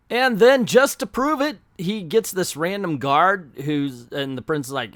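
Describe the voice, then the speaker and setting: A man's voice: on the high side, a little slow, hardly any pauses, a bit bright, dry recording, clean studio sound. A man casually recapping a comic book, joking and slangy as he acts out the quotes. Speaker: comic book video host.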